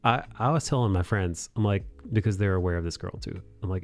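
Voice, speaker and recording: A man's voice: deep voice, fast talker, few pauses, faint music behind. A man hosting a live art stream, ranting casually, swearing freely and acting out mocking quotes. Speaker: livestream host drawing and chatting.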